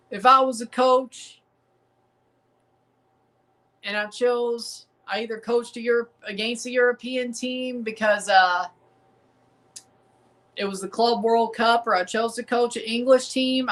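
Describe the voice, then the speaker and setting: Bright-voiced Southern US man ranting. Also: extremely high pitch, poor audio. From American South. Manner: defiant, rambling, repeats himself. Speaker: streamer hosting a match watchalong. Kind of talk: casual livestream commentary.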